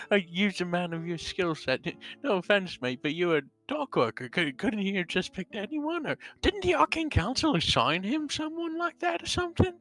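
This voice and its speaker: A man's voice: high-pitched, big pitch swings, moderate pace, a bit bright, faint music behind. A man chatting in character during a tabletop role-play, stammering now and then and calling others "mate".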